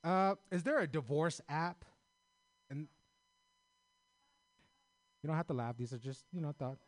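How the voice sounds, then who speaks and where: A man's voice: fairly high pitch, animated, a little slow, no echo. An American man doing a loose, rambling stand-up set at an open mic, swearing a lot and brushing off his own jokes. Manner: loose and rambling, self-deprecating, heavy swearing. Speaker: stand-up comedian. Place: small comedy open mic.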